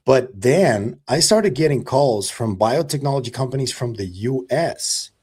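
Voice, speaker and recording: A man's voice: medium pitch, animated, measured pace, a little mellow, slightly rough. A man who reports on UFO cases, talking casually on a podcast and hesitating often with fillers.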